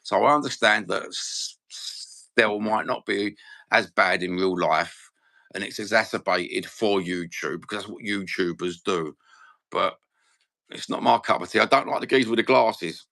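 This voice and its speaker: A man's voice: lowish voice, unhurried, creaky, bright, forceful tone. A man with a Cockney accent hosting a casual fan livestream, blunt, sweary and rambling. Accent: London Cockney. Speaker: fan channel host.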